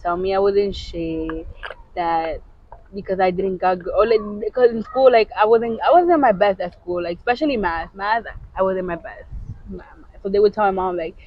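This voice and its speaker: A woman co-hosting a podcast, telling a personal story in casual confessional chat, halting with many restarts. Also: medium pitch, highs cut off. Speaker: podcast co-host.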